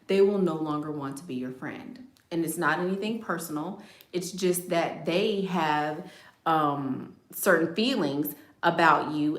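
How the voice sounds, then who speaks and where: A woman's voice: low voice, roomy sound. A woman hosting a casual livestream, giving blunt advice in a sassy, joking way and laughing often.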